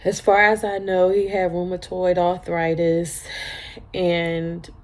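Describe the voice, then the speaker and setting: A woman in her thirties telling a personal story in a vlog, halting and tearful, repeating her words as she cries at times. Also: on the low side, little pitch movement. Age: 30s. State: crying at times. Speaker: vlogger.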